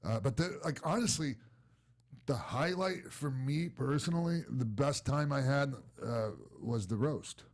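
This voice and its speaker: A male podcast host talks in a relaxed, casual way at a middle pitch. He swears freely and keeps prompting his guest. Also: unhurried. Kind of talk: casual chat.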